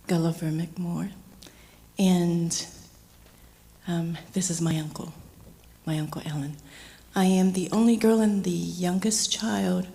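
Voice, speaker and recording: A middle-aged woman speaking gently and slowly as she shares a heartfelt memorial tribute for her uncle. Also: lowish voice, gravelly. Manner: gentle, slow and heartfelt storytelling. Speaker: niece giving a eulogy. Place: memorial service hall. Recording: long hall reverb.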